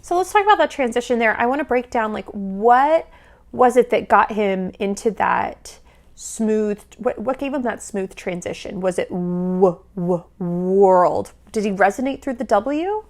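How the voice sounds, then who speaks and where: A woman vocal coach giving lively, casual reaction commentary, often singing short examples and laughing. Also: medium pitch, measured pace. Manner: animated, demonstrative, sings examples, laughs often.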